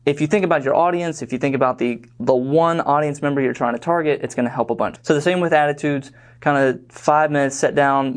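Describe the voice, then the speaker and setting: A young man teaching an online course in a loose, conversational way, full of fillers and restarts. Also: mid-range voice. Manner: rambling, filler-heavy, conversational. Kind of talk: casual lecture.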